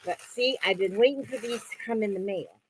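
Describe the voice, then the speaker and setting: A woman's voice: medium pitch, brisk, a little hiss or hum, rough recording. Chatty rambling woman crafter. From Florida. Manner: chatty, wanders off topic. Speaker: crafting vlogger. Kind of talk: casual rambling chat.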